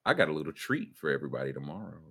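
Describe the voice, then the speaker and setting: A man's voice: rumbling low, sing-song, racing, a bit bright, breathy edge. A man co-hosting a casual sports podcast, joking and slipping into mocking voices for his bits. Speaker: podcast co-host.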